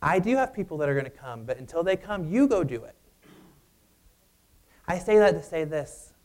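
A man preaching a sermon and telling a personal story in a conversational, animated way. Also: fairly high pitch, moderate pace.

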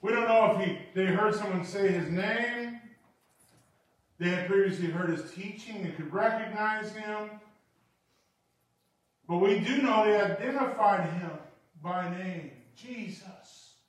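A man preaching a sermon, animated and swinging from quiet asides to shouting. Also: high-pitched, a little slow. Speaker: pastor. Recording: echoey hall, from far off.

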